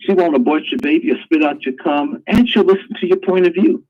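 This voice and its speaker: A man's voice: on the high side, fairly quick, muffled recording. A man hosting a live online talk show, ranting in a crude, preachy way. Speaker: host.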